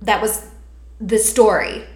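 A woman's voice: medium pitch, fairly even intonation, slow pace. Chatty woman podcast co-host, echoey room. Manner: chatty, gushing, laughs often. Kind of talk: casual chat.

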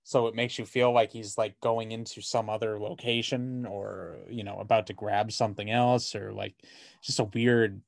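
A man's voice: fairly low pitch, level tone, normal speed, vocal fry, dry recording. A man co-hosting a podcast, chatting casually about a movie, rambling with lots of "like" and swearing freely. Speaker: podcast co-host.

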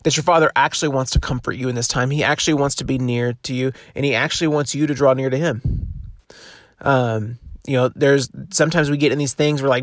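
A man's voice: mid-range voice, steady tone, a little fast, no room sound, clean studio sound. A young man hosting a devotional podcast, talking in a casual, encouraging way with plenty of fillers and restarts. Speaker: podcast host.

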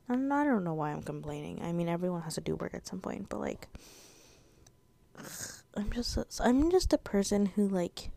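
Breathless teen girl rambling, gravelly. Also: on the low side, a little mellow. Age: teens. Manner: rambling, filler-heavy, self-correcting. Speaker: podcast host. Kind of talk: casual solo podcast chat.

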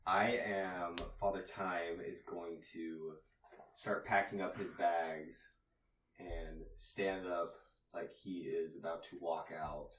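Deep-voiced player, distant and echoey. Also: male voice, fairly even intonation, a bit bright. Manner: wry, playful, quick asides. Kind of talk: tabletop role-play. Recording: echoey room from off mic, faint background noise.

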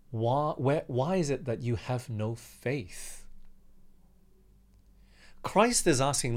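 A man's voice: on the high side, darkish tone. A young man from Australia who leads a Bible study in a conversational sermon style, often asking his listeners questions and acting out what people said. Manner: conversational, asks the listener questions, acts out quotes. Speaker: pastor leading a Bible study.

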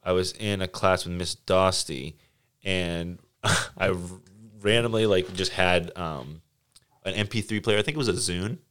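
A man's voice: sits low, unhurried, clear, resonant tone. A young man hosting a podcast, telling stories animatedly and swearing freely in casual chat. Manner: animated storyteller, swears freely, acts out quotes. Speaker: podcast host.

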